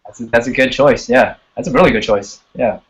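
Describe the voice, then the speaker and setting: A man's voice: mid-range voice, brisk, slightly rough, dull audio. A man, a singer and guest, chatting casually on a live video call in a laid-back way, cursing now and then and often laughing. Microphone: computer on a video call.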